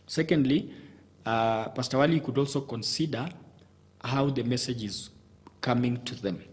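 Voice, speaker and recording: A man's voice: medium pitch, moderate pace. Male studio guest, methodical advice giver, breaks his talk into numbered points. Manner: methodical, lists points, frequent restarts. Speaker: communication coach guest.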